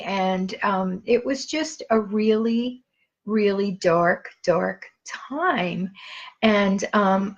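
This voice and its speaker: Slow, reflective middle-aged woman. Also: medium pitch, a bit bright. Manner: reflective, rambling with many restarts and fillers. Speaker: host of her own live stream. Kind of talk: casual personal monologue. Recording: slightly dull lo-fi audio.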